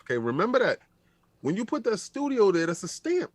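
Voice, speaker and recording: A man's voice: high voice, brisk, no room sound. A man joking and telling stories in casual podcast banter. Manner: joking, animated, storytelling. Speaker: podcast co-host.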